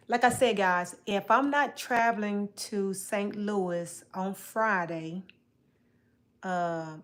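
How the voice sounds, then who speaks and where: With a steady, medium-pitched voice and an unhurried pace, a woman runs her own livestream and keeps things casual with her audience. She ribs viewers by name and repeats phrases to stress them.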